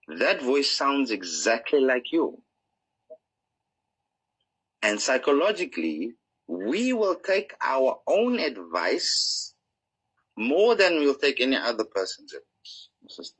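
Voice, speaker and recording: A man's voice: medium pitch, fairly bright tone, breathy edge, low-quality recording. A man being interviewed as an author, explaining his ideas in an earnest, teaching manner and acting out examples. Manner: earnest, explanatory, acts out inner voices. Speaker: author guest.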